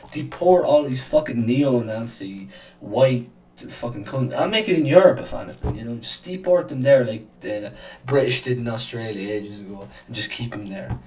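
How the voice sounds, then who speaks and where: A man's voice: medium pitch, a little mellow, echoey room, recorded from a distance, rough recording. A man hosting a reaction video, ranting angrily with lots of swearing and filler words. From Ireland. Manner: angry, sweary, rambling with many fillers. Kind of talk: profane ranting commentary.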